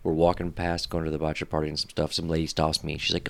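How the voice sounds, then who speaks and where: A man co-hosting a podcast, telling stories in a crude, animated, joking way. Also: a bass voice, fast talker, vocal fry. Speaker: podcast co-host. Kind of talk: casual podcast chat.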